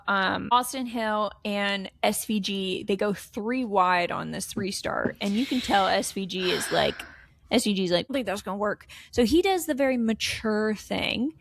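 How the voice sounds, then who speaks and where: A woman's voice: mid-range voice, gravelly, no room sound. A woman co-hosting a podcast, chatting casually about motorsport in a blunt, sweary way and laughing often. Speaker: podcast co-host.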